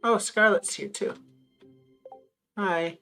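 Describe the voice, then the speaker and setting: A woman's voice: mid-range voice, takes it slowly, sharp tone, soft background music. A woman streaming a farming game, chatting casually with wry, muttered asides. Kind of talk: casual gameplay chat.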